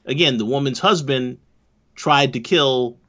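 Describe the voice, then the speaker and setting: A man co-hosting a casual talk, speaking in a measured, hesitant way with repeated words. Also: mid-range voice, pushed and bright. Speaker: podcast co-host. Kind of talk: casual discussion. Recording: dull lo-fi mic.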